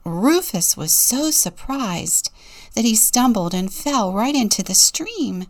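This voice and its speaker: A woman deacon gently reading a children's story aloud and asking the listener questions. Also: fairly high pitch, animated, slow.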